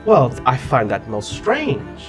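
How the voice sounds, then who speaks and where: A man voicing a smug, cruel male guard captain in a tabletop game, speaking slowly and quietly. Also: mid-range voice, wildly swooping pitch, music in the background. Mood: menacing. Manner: slow, quiet, insinuating.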